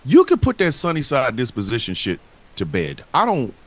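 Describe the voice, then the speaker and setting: A man's voice: mid-range voice, wildly swooping pitch, normal speed. A man co-hosting a casual wrestling talk show, speaking in a heated, profane and emphatic way. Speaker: podcast co-host.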